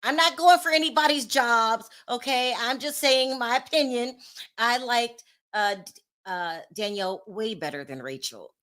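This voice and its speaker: A woman's voice: fairly high pitch, animated, normal speed, fairly bright tone. A woman hosting a casual reality TV recap, chatty and candid, laughing often and talking to her viewers in the live chat. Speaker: reality TV commentary host.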